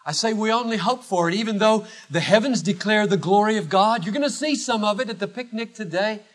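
A man preaching a sermon as pastor, emphatic, swinging from loud declarations to hushed low phrases with long pauses.

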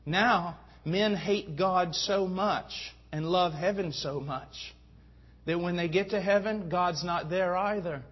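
Husky, fervent male preacher. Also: high voice, takes it slowly. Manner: fervent preaching, rising to emphatic peaks. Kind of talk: sermon. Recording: dull lo-fi sound.

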